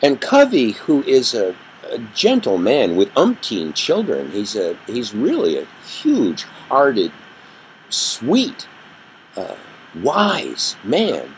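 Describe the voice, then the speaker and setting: A man teaching a communication workshop, telling a story with an animated delivery that rises and drops for effect. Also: mid-range voice, slow pace, a little hiss or hum, poor audio. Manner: animated storyteller, rising and dropping his voice for effect. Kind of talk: storytelling lesson.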